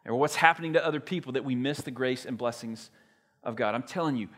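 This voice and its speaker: A man's voice: medium pitch, quick pace, a bit bright. Conversational male pastor preaching. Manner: conversational, emphatic storytelling. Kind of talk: sermon.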